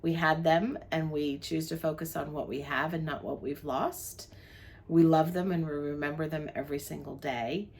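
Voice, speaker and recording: A woman's voice: low-pitched, fairly even intonation, normal speed, a little mellow. An older woman from New Jersey, co-hosting a travel vlog and chatting about her day. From New Jersey, USA. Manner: chatty, lists the day's plans. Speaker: vlog co-host. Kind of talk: casual travel vlog chat.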